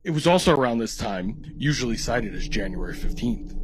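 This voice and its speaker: A man's voice: mid-range voice, animated, brisk, a little hiss or hum. An American man hosting a podcast, telling a story in an irreverent, casual comedic style. He swears a lot and laughs at his own jokes. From United States.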